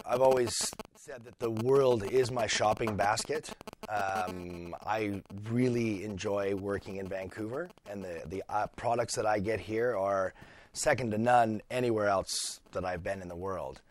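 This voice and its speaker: A chef from British Columbia talks easily as a radio studio guest, his voice sitting fairly low. He is friendly and relaxed, often pausing on small fillers as he thinks. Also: a little hiss or hum. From British Columbia, Canada. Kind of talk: casual radio interview.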